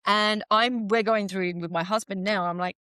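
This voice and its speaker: A woman's voice: medium pitch, steady tone, moderate pace, sharp tone, clean tone, dry recording, studio quality. A woman in her forties hosting a podcast, talking in a candid, chatty conversational way. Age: 40s. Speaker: podcast host. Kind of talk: casual interview chat.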